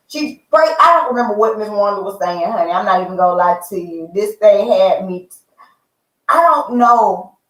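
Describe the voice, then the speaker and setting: A woman chatting in an animated way as she reviews a reality show, calling her viewers "y'all" and "honey.". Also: mid-range voice. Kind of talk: casual chat. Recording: roomy, mic at a distance.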